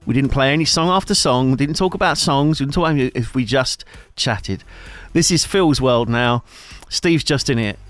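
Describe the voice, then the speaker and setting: A man's voice: mid-range voice, normal speed, no echo. A man in casual banter on a live stream, joking and laughing. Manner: jokey, bantering, laughs a lot. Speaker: streamer co-host. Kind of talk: casual chat.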